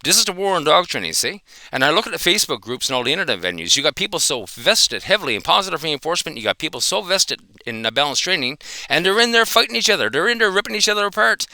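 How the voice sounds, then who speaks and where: Ranting man with a bright, lively voice. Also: a little high, fast talker, no echo, studio quality. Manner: ranting, confrontational, profane. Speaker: dog trainer and video commentator. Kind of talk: angry reaction commentary.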